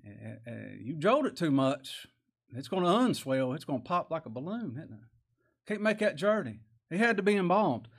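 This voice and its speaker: A man's voice: on the high side, big pitch swings, moderate pace, vocal fry. A man preaching a sermon in a folksy, conversational way, asking rhetorical questions and chuckling as he goes. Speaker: pastor.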